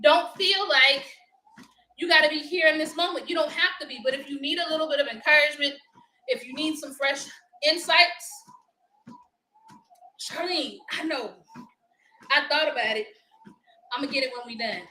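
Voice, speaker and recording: A woman's voice: sits high, moderate pace, pauses often, bright, forceful tone, echoey room, slight background noise, rough recording. A woman, hosting a casual live motivational chat, upbeat and laughing often as she talks to viewers. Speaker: livestream host.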